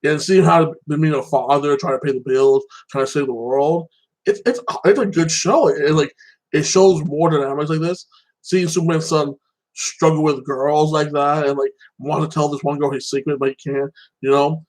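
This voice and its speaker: A young man talks on his own about a TV show in a loose, rambling way. His voice sits a little high for a man. He keeps leaning on the same filler phrases as he thinks aloud. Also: fairly even intonation, moderate pace, darkish tone, rough recording. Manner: rambling, fills with "like this" and "like that". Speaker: show commentator. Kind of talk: casual solo chat.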